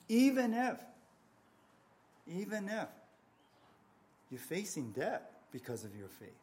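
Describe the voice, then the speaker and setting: A man preaching a sermon, earnest and repetitive, swelling on key phrases and trailing softly at the ends, with stammered restarts. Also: medium pitch, slight background noise. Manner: frequent restarts and stammered repeats. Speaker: pastor.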